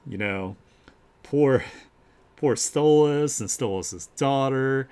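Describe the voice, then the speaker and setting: A man's voice: medium pitch, slow, darkish tone, smooth. A man hosting a live art share stream, chatting casually and upbeat, full of fillers and restarts as he gushes over each piece of artwork.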